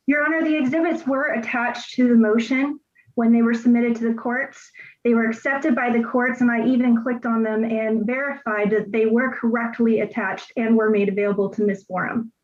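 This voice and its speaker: A woman representing herself in a court hearing, politely and deliberately reading out legal filings and making her argument. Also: a little high, steady tone, a little mellow, dull audio. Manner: polite, deliberate, reads legal text aloud. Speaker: self-represented parent in court.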